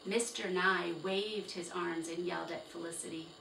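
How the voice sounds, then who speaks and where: A woman reading a children's chapter book aloud with slow, expressive storytelling. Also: lowish voice, vocal fry. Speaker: storybook reader. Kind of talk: children's read-aloud narration. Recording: roomy, distant, faint hiss.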